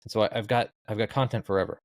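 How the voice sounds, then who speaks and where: A man's voice: lowish voice, steady tone, very fast, no echo. A middle-aged man, a podcast guest, telling rambling stories with dry, laid-back jokes. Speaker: guest, social media comedian. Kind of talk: casual interview chat.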